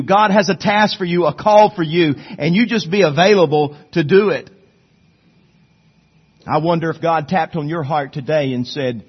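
Husky-voiced preaching man, lo-fi. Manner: preachy, swings between soft low asides and loud rising exhortation. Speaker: pastor. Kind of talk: sermon.

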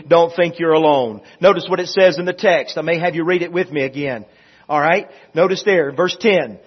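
A pastor preaching a sermon, leading the congregation in reading scripture aloud together, rising loud and then dropping quiet. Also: male voice, high voice, muffled recording. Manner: preaching with call-and-response reading.

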